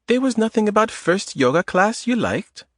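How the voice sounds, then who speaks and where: A man's voice: high voice, sing-song, moderate pace, a bit bright, no room sound, pitched above the performer's own voice. A teasing, lithe young woman from an audiobook, her light Eastern European accent bending her clipped, blunt lines, as a male narrator puts her on. The voice sits well above his own and has a timbre unlike his, with a close, dry sound. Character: woman in her early thirties, lithe yoga lover, teasing.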